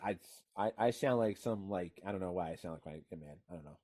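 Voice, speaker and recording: A man co-hosting a casual wrestling chat, swearing freely, whose voice climbs high and loud when he gets worked up. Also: quick pace. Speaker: podcast co-host.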